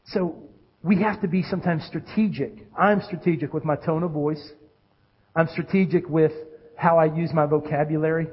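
A man, a pastor with children, preaching a sermon with animated swings between loud calls and hushed lows. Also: moderate pace, breathy edge, dull audio. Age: adult with children.

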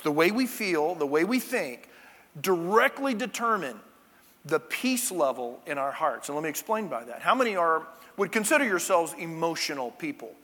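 A man's voice: sits high, bright, forceful tone. A male pastor giving a conversational sermon, with chatty, jokey asides to the congregation, in a church sanctuary. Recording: long church-hall reverb.

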